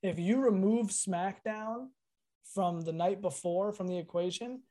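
A man's voice: high-pitched, unhurried, warm tone. A man co-hosting a podcast, rambling and swearing through casual chat, laughing often. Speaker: podcast co-host.

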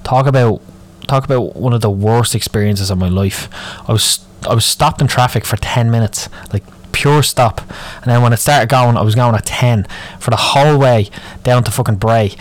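A man's voice: medium pitch, moderate pace, few pauses. Sweary Dublin man ranting. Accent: Irish, Dublin. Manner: moaning, sweary, rambling. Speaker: podcast host. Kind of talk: solo ranting podcast.

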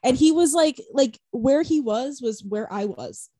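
A woman's voice: high-pitched, lively intonation, measured pace, dark tone, no room sound. Chatty young woman, dry close sound. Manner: rambling, heavy on "like", swears a lot, laughs often. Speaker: podcast co-host. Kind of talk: casual chat.

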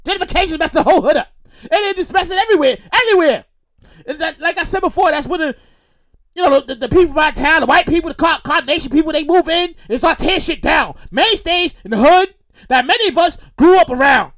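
A man with a New York accent hosts his own show, riffing through stories in a casual, profane monologue. His voice sits high and swings widely as he repeats himself for effect. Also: fast talker. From Brooklyn, New York. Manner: animated, profane, repetitive storytelling. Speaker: podcast host.

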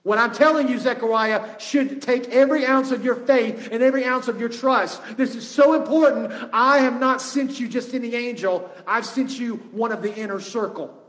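A man preaching, voicing a high-ranking male angel who speaks sternly and insistently. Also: fairly bright tone. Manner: stern, insistent, slow emphasis. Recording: long reverb of a large hall.

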